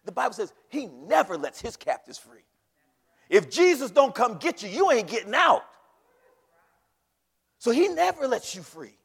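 A man's voice: extremely high pitch, very animated, moderate pace, vocal fry, pauses often, husky. A man preaching a fiery sermon in a church, leading the congregation in call and response. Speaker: pastor. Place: church sanctuary. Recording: long hall reverb.

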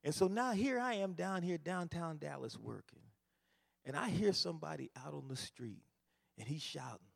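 High, gravelly preacher. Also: male voice, lively intonation, moderate pace. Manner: rising from quiet teaching to shouted fervor. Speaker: pastor. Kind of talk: sermon.

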